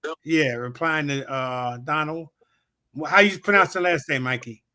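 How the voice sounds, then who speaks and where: A man hosting a casual talk show, reading shout-outs in a laid-back, swearing style. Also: on the high side, moderate pace. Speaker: host.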